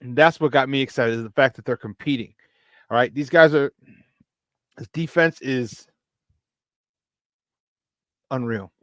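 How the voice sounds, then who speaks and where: A man's voice: medium pitch, a little slow, long pauses, no echo. Hyped sports talk show host, man. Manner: hyped, shouting out chat viewers with frequent laughs.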